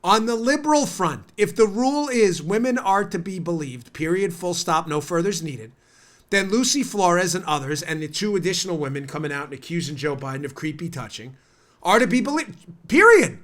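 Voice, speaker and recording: A man's voice: high-pitched, expressive, a little fast, fairly bright tone. A man hosting a political talk show, ranting sarcastically and a little stuffed up from a cold. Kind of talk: opinionated talk show monologue.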